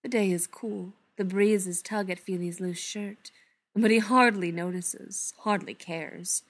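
A woman reading a story aloud, softly and unhurriedly, often dropping to a hush. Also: medium pitch, steady tone. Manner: soft, unhurried, often hushed. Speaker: reader. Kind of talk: storybook narration read aloud.

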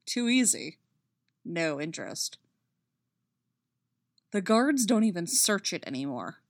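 A woman reading a story aloud as narrator, wry and expressive. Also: on the low side, takes it slowly, dry recording, clean studio sound.

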